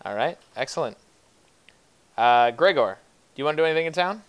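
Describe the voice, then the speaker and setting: A man's voice: a little high, expressive, fairly quick, clean tone. A man narrating a tabletop game as game master, in a casual, rambling way with fillers.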